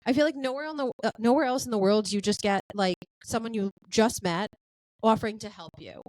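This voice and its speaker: An American woman hosting a podcast, talking in a chatty, animated way with many fillers. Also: a little high, a little fast, slight background noise, low-quality recording. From United States. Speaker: podcast host. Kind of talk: casual chat.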